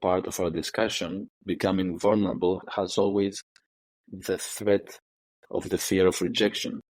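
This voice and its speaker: A man who is a podcast guest, speaking calmly and reassuringly, often restarting his phrases. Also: low voice, moderate pace, dry recording, low-quality recording. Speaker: podcast guest, psychology coach. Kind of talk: reflective conversation.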